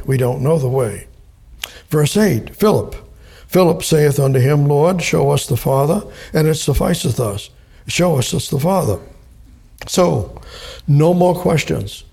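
A man teaching the Bible verse by verse, slow and deliberate, spelling out and repeating key words. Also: fairly high pitch, vocal fry, warm tone, slightly rough.

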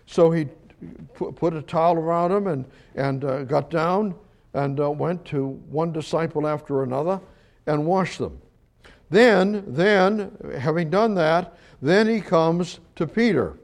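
A man teaching a verse-by-verse Bible sermon, slow and emphatic, repeating words as he explains. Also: a little high, a little mellow. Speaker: preacher.

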